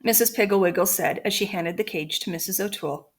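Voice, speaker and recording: A woman teacher reads a children's chapter book aloud to her class. Her voice sits at a middle pitch, and her reading is clear and expressive. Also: fast. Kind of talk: storybook read-aloud.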